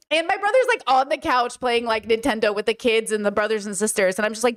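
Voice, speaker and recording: A young woman hosting a live stream, chatting casually and telling family stories with lively acted-out quotes. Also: on the high side, fast, few pauses. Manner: animated storyteller, acts out family members' lines. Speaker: streamer host.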